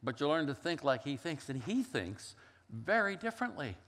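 A man's voice: fairly high pitch, very animated, normal speed, a bit bright. An older man preaching a sermon as a pastor, telling stories in a conversational way and acting out the quoted lines. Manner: storytelling, conversational with acted-out quotes. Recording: long hall reverb.

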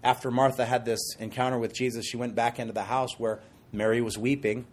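A man preaching a sermon, retelling stories with animated delivery and joking asides. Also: medium pitch, a little fast. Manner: animated storytelling with acted quotes and asides.

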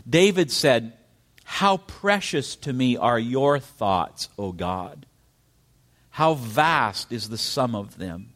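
A man preaching a sermon in church, with emphatic questions and dramatic rises in pitch. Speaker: pastor.

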